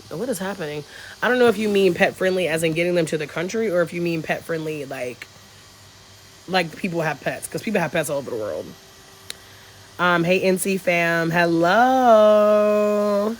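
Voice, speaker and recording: A woman's voice: fairly low pitch, a little hiss or hum, rough recording. Chatty woman on a phone livestream. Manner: chatty, frank, swears freely, laughs often. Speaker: travel vlogger on a livestream. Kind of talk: casual livestream chat reading comments. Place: resort in Bali, outdoors.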